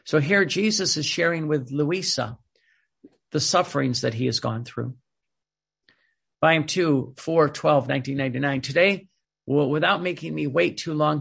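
A man's voice: a little high, moderate pace, creaky, fairly bright tone, breathy edge. A man giving an informal sermon with readings, speaking emphatically and often restarting and repeating words. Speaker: preacher reading from a spiritual book.

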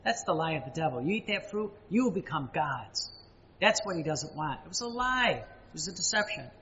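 High, bright-voiced male preacher in a hall. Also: big pitch swings, lo-fi sound. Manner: emphatic, repetitive preaching with dramatic pauses and sudden rises. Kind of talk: sermon.

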